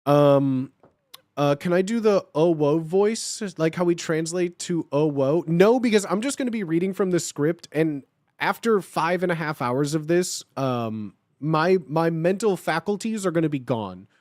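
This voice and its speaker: A young man hosting a live stream with a high, lively voice that jumps all over the place. He chats casually with his viewers, swearing freely and breaking into laughs. The sound is close and dry. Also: measured pace, no room sound. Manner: animated, swears a lot, laughs often. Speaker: livestream host.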